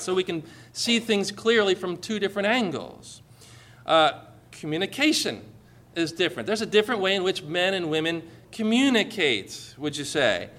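Man, pastor, sermon, bright forceful voice, somewhat high, jokey, asks for amens. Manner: jokey, calls for amens from the congregation.

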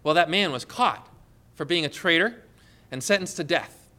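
A man's voice: a little high, lively intonation, normal speed, pushed and bright. A man preaching a sermon, telling stories and rising into emphatic questions.

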